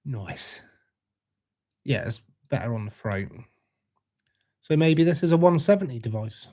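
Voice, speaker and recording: A man's voice: mid-range voice, lively intonation, a little slow, dark tone. Laid-back British man chatting on a livestream. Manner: laid-back, swears freely, jokey banter with chat. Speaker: livestream host. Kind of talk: casual live chat reading comments.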